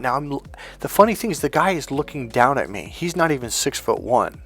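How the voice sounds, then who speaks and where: A man's voice: mid-range voice, fairly quick, husky, soft background music. A middle-aged man, an NLP trainer, giving a casual motivational talk and acting out bits of dialogue as he tells stories. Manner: storytelling, acts out dialogue, animated asides.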